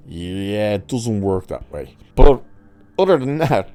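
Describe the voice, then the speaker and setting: Sardonic male vlogger, deep mellow voice, ranting in a casual way. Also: very animated, normal speed. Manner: sarcastic, exasperated, laughs at own jokes. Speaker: pop culture commentator. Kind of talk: opinionated casual commentary.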